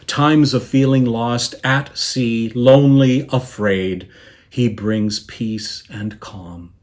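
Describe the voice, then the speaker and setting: A man preaching a sermon as a guest minister, telling the story in a measured, reflective way and letting his voice drop softly on quoted words. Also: medium pitch. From Canada.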